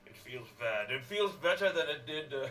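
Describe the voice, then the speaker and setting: A man playing a pompous cyborg loyal to his queen, with a halting, haughty delivery. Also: medium pitch, lively intonation, fairly bright tone, distant mic, natural voice.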